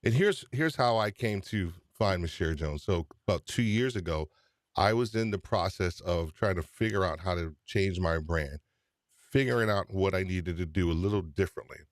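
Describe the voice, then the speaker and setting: A man's voice: low voice, lively intonation, moderate pace, no echo, studio quality. A man hosting a live-stream podcast, upbeat and chatty, often repeating his phrases. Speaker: podcast host.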